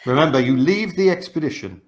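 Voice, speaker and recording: A man's voice: fairly high pitch, lively intonation, fairly quick. A man hosting a board game show over a video call, patiently explaining the rules with frequent "uh" fillers. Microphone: video call mic.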